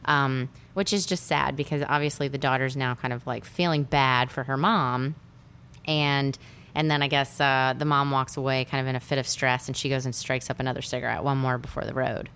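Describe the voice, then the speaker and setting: Woman w a really deep smooth voice, chatting thru a movie plot, acts out the lines. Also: fairly quick. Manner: animated storyteller who acts out quoted lines. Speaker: film discussion co-host. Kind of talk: casual chat recapping a film.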